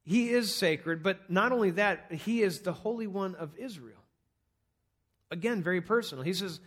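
A man's voice: high-pitched, normal speed, fairly bright tone. A man preaching an earnest, conversational sermon, walking through numbered points on a scripture passage. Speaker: pastor.

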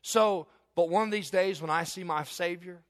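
A man preaching a sermon, telling stories in lively, emphatic bursts. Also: moderate pace. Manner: animated storytelling with sudden loud high bursts. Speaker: pastor.

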